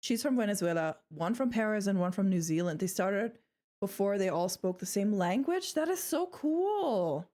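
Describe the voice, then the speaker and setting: A young woman streamer chatting casually and excitedly while she plays a game, swearing freely. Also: mid-range voice, normal speed. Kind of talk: casual live-stream chat while gaming.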